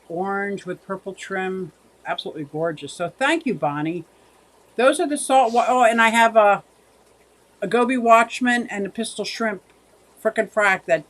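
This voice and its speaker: A woman hosting a casual livestream, chatting with viewers in a rambling way and thanking them by name. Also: mid-range voice. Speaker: livestream host.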